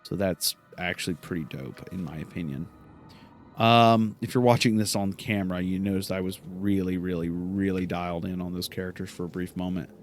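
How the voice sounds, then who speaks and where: A man's voice: deep voice, steady tone, fairly quick, faint music behind. A man hosting a let's play, giving casual gameplay commentary, rambling and correcting himself with many fillers.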